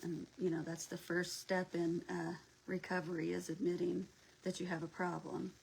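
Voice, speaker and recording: A woman's voice: on the low side, little pitch movement, moderate pace, gravelly, a little mellow, breathy edge, low-quality recording. A woman hosting a casual craft livestream, chatting and greeting viewers by name as she works, sometimes dropping to a near whisper.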